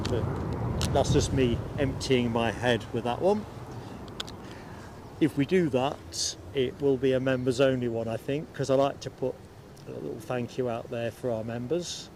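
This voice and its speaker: Slow-talking man hosting a plane-spotting stream. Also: medium pitch, noisy background. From United Kingdom. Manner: chatty, laughs easily, greets viewers by name. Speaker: live stream host. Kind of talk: casual live commentary. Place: outdoors at an airport.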